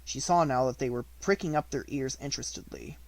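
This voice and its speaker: A man narrating a children's classic in an even, measured reading. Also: medium pitch, gravelly. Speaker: audiobook narrator. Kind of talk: unabridged audiobook reading.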